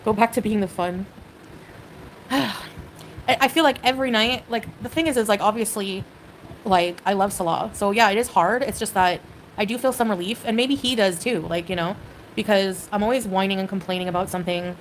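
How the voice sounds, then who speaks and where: A woman's voice: medium pitch, fairly quick, a little hiss or hum, poor audio. A woman from Canada on a livestream, rambling hesitantly and leaning on "like" and "you know" as she talks.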